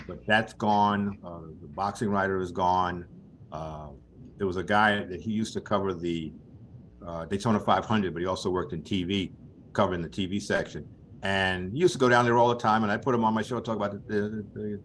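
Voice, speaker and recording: An older man with a fairly low voice tells long, rambling sports stories as a guest on a talk show. He chuckles through his anecdotes at an easy, conversational pace. A faint hiss sits under the recording. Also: fairly even intonation, a little fast, fairly bright tone. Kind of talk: casual anecdotal storytelling.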